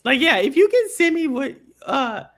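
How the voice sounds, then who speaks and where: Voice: high voice, big pitch swings, normal speed, a bit bright. A co-host in a casual livestream chat who rambles with many restarts and laughs easily.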